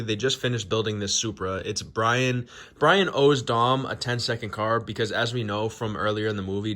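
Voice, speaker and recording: A man's voice: lowish voice, fairly bright tone. A young man casually recapping a movie, rambling and swearing as he goes. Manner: rambling, profane, conversational. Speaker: movie reviewer.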